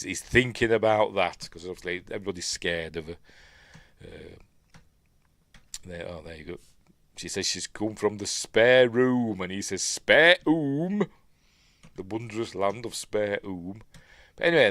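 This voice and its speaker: A low-voiced man with a Yorkshire accent talks casually through a film, meandering with frequent ums and musing questions. The sound is dry and close, with no room around it. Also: dry recording. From Yorkshire, England. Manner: rambling, many ums and self-questions. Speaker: film reviewer. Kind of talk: casual film breakdown commentary.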